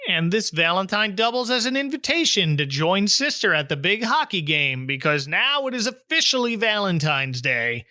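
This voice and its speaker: A man's voice: high voice, big pitch swings, normal speed, few pauses, pushed and bright, dry recording, clean studio sound. A man in his thirties or forties hosting a podcast, recapping a cartoon with wry jokes. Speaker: podcast host. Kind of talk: casual chat recapping a cartoon.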